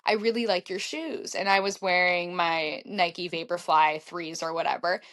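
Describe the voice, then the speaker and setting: A woman in her thirties, a podcast guest telling a story in casual chat, acting out her own quotes with big jumps in pitch. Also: steady tone, moderate pace, fairly bright tone. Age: 30s. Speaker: podcast guest, marathon runner.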